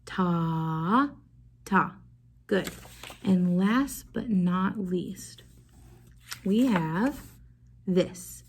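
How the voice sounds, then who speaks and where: A young woman music teacher giving a video lesson to young children, slow and encouraging, prompting them to repeat after her. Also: mid-range voice, darkish tone, slight background noise.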